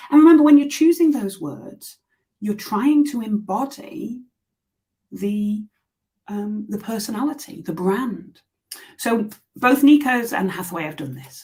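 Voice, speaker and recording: A woman teaches a live online workshop over a video call mic. She talks in a chatty, encouraging way, often pausing on fillers and restarting her sentences. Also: medium pitch, darkish tone.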